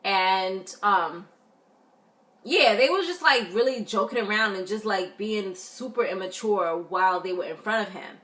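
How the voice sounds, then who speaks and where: A woman's voice: mid-range voice, a little slow, a bit bright. A woman recapping a reality show in a casual vlog, chatty and blunt, with lots of fillers. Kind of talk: casual review chat.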